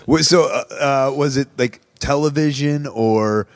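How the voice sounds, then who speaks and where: A man's voice: mid-range voice, dry recording. Rambling, laughing male podcast host. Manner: rambling, laughs often, halting restarts. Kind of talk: casual podcast conversation.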